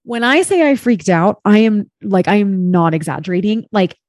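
A woman's voice: mid-range voice, expressive, normal speed, darkish tone, no echo, clean studio sound. A woman in her thirties telling a personal story in casual chat, candid and chatty, with lots of "like" and some swearing.

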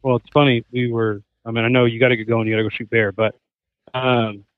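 A man chatting as a podcast guest, a lively storyteller who slips into the voices of people he quotes. His voice comes through a thin, narrow line that sounds like a phone call. The sound is dry and close, with no room around it. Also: mid-range voice, a little fast, no room sound. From Southern California. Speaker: podcast guest, hunter and chef. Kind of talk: casual conversation.

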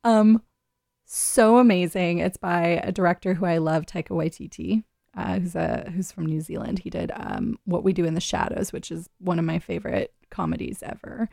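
Brief: woman radio host, chatty and rambling, some vocal fry, dry close sound. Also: on the low side, steady tone, moderate pace, darkish tone, dry recording. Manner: chatty, rambling, laughs often. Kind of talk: casual radio chat.

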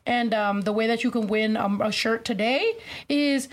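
A woman's voice: fairly high pitch, normal speed. Breezy, profane woman hosting a livestream. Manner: breezy and profane, promoting merch. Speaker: livestream host. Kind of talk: casual chat.

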